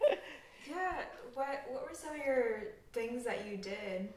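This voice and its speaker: A woman's voice: fairly high pitch, animated, a little slow. Distant woman interviewer, echoey. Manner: brief prompting questions. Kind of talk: casual interview. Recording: distant echoey mic with loud noise.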